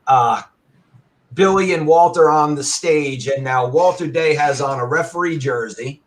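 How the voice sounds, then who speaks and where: Guy telling a wild story, gets loud and bellowy, kinda high voice. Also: measured pace. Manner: loud, bellowing when acting out his anger. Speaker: arcade owner and guest. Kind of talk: animated storytelling.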